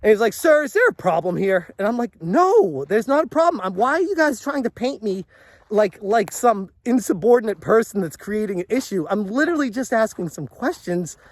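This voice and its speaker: A man's voice: high-pitched, sing-song, normal speed, dry recording. A man telling a story as a vlogger, exasperated and rambling, often restarting his sentences. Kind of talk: storytelling commentary.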